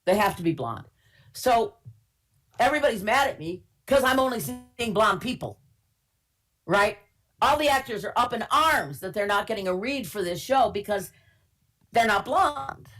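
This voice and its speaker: Her voice sits on the high side, a bit bright and animated at a moderate pace. She's an older casting director from Minnesota recounting work stories in a candid, chatty webinar interview, full of fillers and wry humor.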